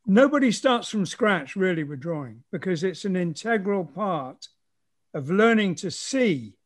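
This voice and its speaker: A man's voice: sits high, big pitch swings, takes it slowly. A man speaking as a guest in a casual conversation, thoughtfully explaining ideas on drawing at length, as an art teacher.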